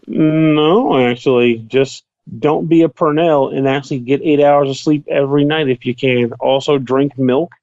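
A man chatting as a podcast guest, jokey, acting out his own thoughts in quick bursts. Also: on the high side, fairly even intonation, darkish tone, dry recording, lo-fi sound. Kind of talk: casual chat.

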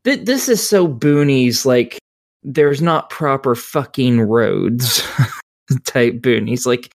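A woman's voice: extremely low pitch, animated, slow pace. A woman co-hosting a podcast, reviewing a video game in casual chat with a rambling, profane, sardonic way of talking.

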